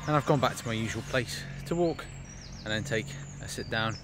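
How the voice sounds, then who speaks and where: A man's voice: lowish voice, fairly quick, over music. A man vlogging on a phone, talking casually and rambling with lots of fillers and restarts. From England. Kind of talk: casual vlog talk to camera. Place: outdoors in a park. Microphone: phone camera.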